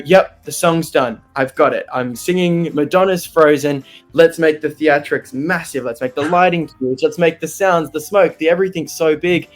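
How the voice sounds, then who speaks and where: Candid young Australian man, fairly high voice. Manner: candid, animated, laughs often. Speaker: interviewee, singer. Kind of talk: open, emotional interview chat.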